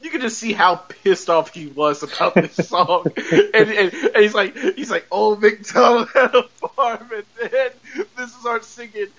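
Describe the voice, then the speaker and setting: A man's voice: high-pitched, expressive, normal speed, a bit bright. A man hosting a podcast, retelling a TV episode in a rambling, casual way and laughing often as he talks. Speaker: podcast host. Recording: dull lo-fi podcast audio.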